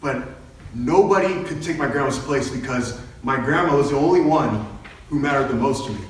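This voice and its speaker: A man's voice: mid-range voice, normal speed, slight background noise. A young man giving an earnest personal speech, telling his own story to a meeting. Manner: earnest, storytelling, quotes himself and others. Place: meeting hall. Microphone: far from the microphone. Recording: very echoey hall from far off.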